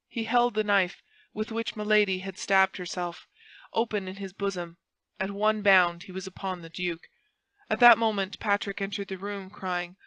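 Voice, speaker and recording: A woman narrating a classic novel audiobook with a dramatic, expressive reading. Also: mid-range voice, clear, resonant tone, no room sound, low-quality recording. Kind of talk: scripted narration.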